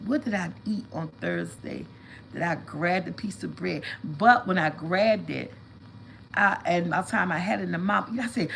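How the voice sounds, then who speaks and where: A woman's voice: lowish voice, moderate pace, vocal fry, husky, low-quality recording. Chatty woman vlogging. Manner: chatty, animated storytelling, addresses viewers as y'all. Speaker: vlog host. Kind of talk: casual livestream chat.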